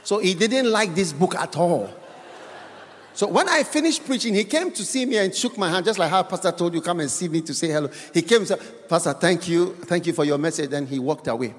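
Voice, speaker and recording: Ghanaian male preacher, high, lively delivery, long hall reverb, emphatic. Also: fairly quick. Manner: emphatic, questioning the congregation, bursts of laughter. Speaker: guest preacher. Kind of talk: sermon.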